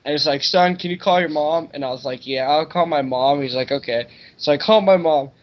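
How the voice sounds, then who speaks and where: A man's voice: a little high, fairly quick, lo-fi sound. A young man on a podcast, telling a loose, rambling story in casual chat with plenty of swearing. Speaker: podcast co-host.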